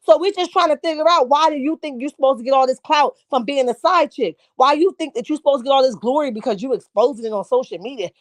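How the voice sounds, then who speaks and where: She hosts a casual livestream, reading viewer comments aloud and reacting to them with sass. Her voice is high and fast with hardly any pauses, and the recording is dry.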